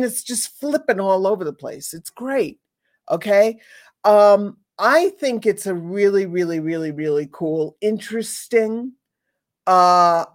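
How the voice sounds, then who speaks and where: A woman chats casually about pet toys, enthusiastic and rambling. She restarts her sentences often and keeps circling back to her point, with a mid-range voice. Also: mid-range voice. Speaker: pet product reviewer. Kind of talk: casual chat.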